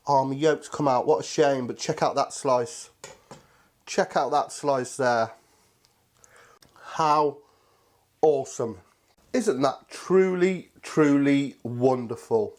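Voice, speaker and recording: A man's voice: on the high side, lively intonation, extremely slow, long pauses, darkish tone. A man hosting a casual cooking video, chatty and enthusiastic, talking to viewers as his friends. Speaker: cooking channel host.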